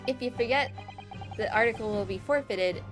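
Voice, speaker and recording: A menacing, scheming middle-aged Irishman, put on by a woman reading game dialogue in a fairly high voice. He gives orders in a commanding, threatening way. Game music plays clearly behind him. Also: normal speed, natural voice.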